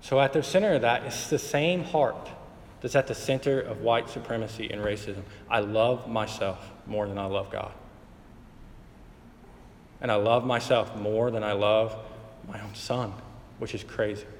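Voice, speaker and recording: A man in his thirties preaching a sermon, moving between quiet, conversational storytelling and emphatic passages. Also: lowish voice, steady tone, measured pace, a little hiss or hum. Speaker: pastor. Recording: hall reverb with faint ambience.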